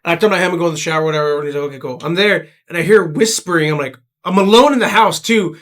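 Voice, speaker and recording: A man's voice: on the high side, very fast. A man in casual podcast chat, telling a funny story with lots of laughter and quoted lines. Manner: animated, laughing storyteller quoting cartoon lines. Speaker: podcast co-host.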